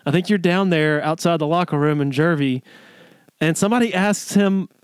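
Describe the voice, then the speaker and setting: Smooth high-voiced man, animated. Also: normal speed, no echo. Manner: animated, laughs often mid-story. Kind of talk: storytelling podcast chat.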